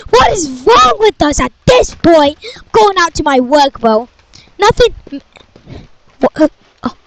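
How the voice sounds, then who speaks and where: A woman's voice: very high-pitched, sing-song, a little slow, dry recording, voice pushed down, heavily acted, rough recording. A woman doing a harried, whining family man. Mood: exasperated. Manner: exasperated complaining. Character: harried family man stuck in chaos, whiny.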